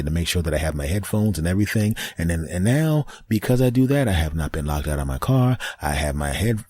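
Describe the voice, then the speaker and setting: A man's voice: low voice, dark tone, husky. A man hosting a comedy podcast, telling a self-mocking story animatedly with scat sound effects. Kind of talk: comic storytelling monologue.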